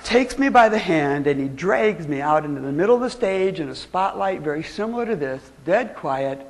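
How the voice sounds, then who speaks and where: Woman motivational speaker, playful storyteller, gravelly voice, swooping lively pitch, on stage. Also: moderate pace, slight background noise. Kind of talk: storytelling keynote speech. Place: stage in a spotlight.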